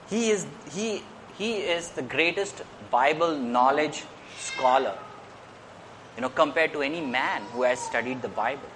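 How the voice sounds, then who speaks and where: A man's voice: fairly high pitch, a bit bright, slight background noise. A man preaching a sermon in an earnest way. He repeats phrases and lifts his voice on key points.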